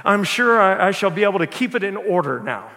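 A man's voice: high-pitched, sing-song, brisk, sharp tone, exaggerated voice. Man reading a flustered, stammering ghost. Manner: stammering, apologetic, excuse-making. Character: flustered, evasive male ghost from hell. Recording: echoey hall with long reverb.

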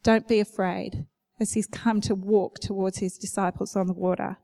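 A woman church leader giving a gentle, encouraging exhortation to a congregation. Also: mid-range voice, level tone, moderate pace. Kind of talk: sermon exhortation.

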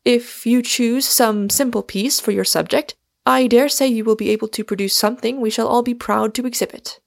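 A woman reading aloud, voicing a gentle, sensible middle-aged mother with a slow, soothing manner. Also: on the high side, vocal fry.

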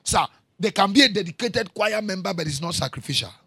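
A man preaching a sermon, repeating his lines, moving from quiet storytelling to shouting. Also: high-pitched, expressive, fast, creaky, slightly rough, no room sound. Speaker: pastor.

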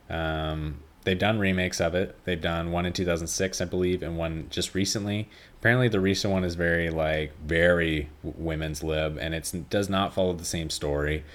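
A man with a very low voice hosts a solo podcast in loose casual chat. He rambles, leans on fillers and swears freely as he talks. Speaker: podcast host.

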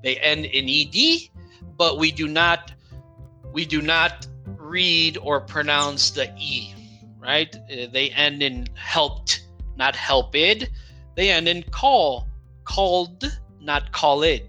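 A man teaching English pronunciation, slowly repeating example words and asking "right?" to check understanding. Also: a little high, sharp tone, faint music behind. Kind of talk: explaining pronunciation.

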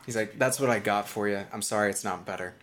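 A man's voice: fairly low pitch, quick pace, fairly bright tone. Young guy running the game, chatty, lots of asides, bit of hiss behind. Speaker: game master. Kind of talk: narrating a tabletop game.

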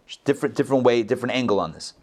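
A man giving an informal Torah class, animated, repeating phrases and answering his own questions. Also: medium pitch, very fast. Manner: coughs, gets excited.

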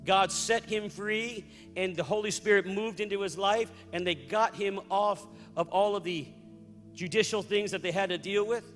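High-pitched fervent preaching man. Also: normal speed, long reverb tail, soft background music. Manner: fervent preaching, rising to shouts. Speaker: pastor. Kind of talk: sermon.

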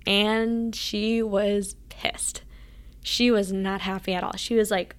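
A woman's voice: medium pitch, flat delivery, slow pace, clean tone. A woman guest in an interview, earnestly recounting her time as a college athlete and often acting out past conversations. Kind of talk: casual interview storytelling.

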